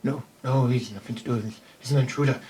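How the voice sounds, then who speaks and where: A man's voice: medium pitch, fast talker, a little mellow, distant mic, a little hiss or hum, lightly acted. A man voicing an official who urgently orders guards to shoot down an intruder.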